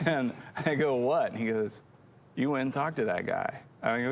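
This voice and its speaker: A man's voice: mid-range voice, expressive, normal speed, slight background noise. A middle-aged man co-hosting a church show, telling a rambling, self-deprecating story in casual chat.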